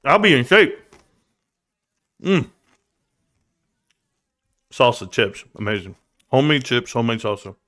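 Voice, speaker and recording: A man with a mid-range voice hosts a casual livestream, speaking unhurriedly and pausing often. His talk is loose, slangy and animated, and he reads the chat comments out loud.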